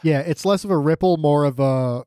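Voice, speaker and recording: Man, slightly high voice, casual swearing chat, dry close mic. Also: mellow, smooth, no echo. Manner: swearing, jokey, acts out scenes in quick voices. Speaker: podcast co-host. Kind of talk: casual chat reviewing a TV episode.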